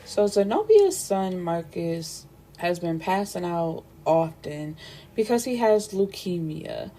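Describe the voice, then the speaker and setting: A woman's voice: lowish voice, very animated, slow pace, mellow, a little hiss or hum. A young woman hosting a book review, chatting casually with slangy, giggly asides.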